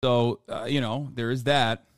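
A man streaming live, reacting to a clip with sarcastic, profane commentary that often erupts into shouted rants. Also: mid-range voice, steady tone, a little slow, clear, resonant tone, no room sound, studio quality.

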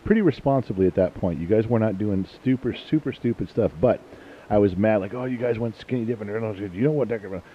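A middle-aged man hosts a family podcast in a low-pitched voice, blunt and fond of cursing and teasing. He tells stories in a loose, joking way. The recording sounds muffled and lo-fi. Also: a little fast, slight background noise. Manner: blunt, profane, jokey storyteller. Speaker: podcast host and father. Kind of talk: casual family podcast chat.

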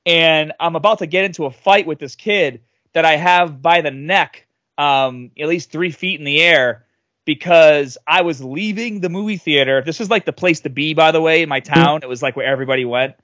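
Animated man in his thirties telling stories. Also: a little high, normal speed, no echo. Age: 30s. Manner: animated, acts out quoted voices loudly. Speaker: podcast guest. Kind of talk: casual storytelling.

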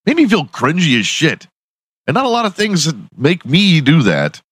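A man's voice: a little high, wildly swooping pitch, moderate pace, fairly bright tone, breathy edge, no echo. A young man hosting a podcast, telling a profane, laughing story in casual monologue. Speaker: podcast host.

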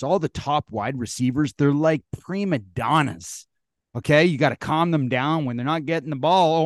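A man's voice: on the high side, moderate pace, dry recording, studio quality. A man co-hosting a sports podcast, ranting bluntly and emphatically with plenty of swearing. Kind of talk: casual sports talk.

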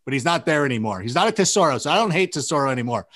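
A man's voice: on the high side, sing-song, very fast, a bit bright. A man in his thirties from Southern California, chatting casually on a podcast and rambling with lots of "like" fillers. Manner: rambling, filler-heavy with many likes. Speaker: sports media guest.

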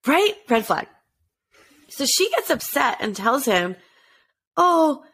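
A woman hosting a casual chat, telling a true-crime story and acting out the quotes with lively shifts in pitch. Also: moderate pace, gravelly.

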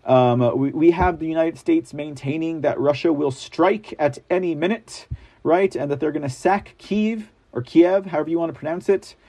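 A man hosts an online political commentary show, chatting casually with viewers he calls "guys," using lots of fillers. When reading articles he throws in sarcastic asides. His voice is on the high side, mellow, at a normal speed.

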